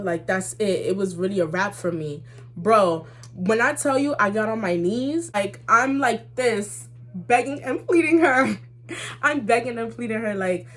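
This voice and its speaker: Lively young woman telling a story. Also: mid-range voice, moderate pace. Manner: animated, slangy, with laughs and acted-out dialogue. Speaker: vlogger. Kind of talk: casual storytime vlog.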